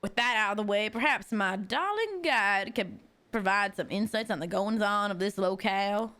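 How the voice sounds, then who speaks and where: A woman's voice: mid-range voice, animated, moderate pace, fairly bright tone, pitched below the performer's own voice, natural voice. A woman voicing a cheerful, dramatic male fantasy author in a put-on Southern accent, speaking grandly. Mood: theatrical. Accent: American Southern, put on. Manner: theatrical, grandiose.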